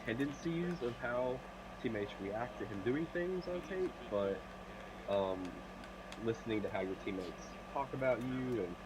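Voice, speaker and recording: A man with a stuffy, nasal cold voice, co-hosting a casual chat and thinking out loud with fillers. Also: mid-range voice, unhurried, noisy background. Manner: rambling, thinks aloud with fillers. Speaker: podcast co-host. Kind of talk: casual mock draft chat.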